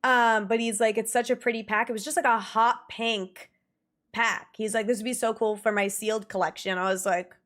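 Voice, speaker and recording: Chatty young woman streamer, animated. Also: on the high side, normal speed. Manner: animated, exasperated ranting with laughs. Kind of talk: casual livestream chat.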